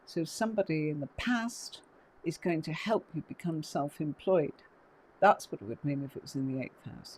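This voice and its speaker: A woman's voice: low-pitched, moderate pace, a little mellow, slight background noise. A woman teaching tarot on a casual live stream, chatty and rambling, full of fillers and asides.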